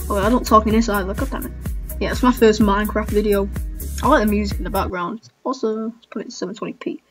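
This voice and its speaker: A woman hosts a casual gaming reaction, talking at a middling pitch. She cringes and exclaims over her own clips, laughing at herself as she goes. Faint music plays underneath. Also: steady tone, fast. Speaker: gaming YouTuber.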